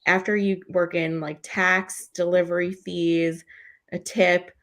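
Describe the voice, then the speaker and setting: Chatty female co-host, lowish voice, conversational. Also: level tone, slow pace, fairly bright tone. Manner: chatty, many "like" fillers. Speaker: podcast co-host. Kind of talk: casual panel discussion.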